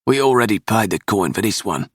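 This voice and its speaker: A man voicing a rough, coarse kidnapper in an audiobook, speaking in a harsh snarl. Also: on the low side, lively intonation, brisk, no echo, studio quality.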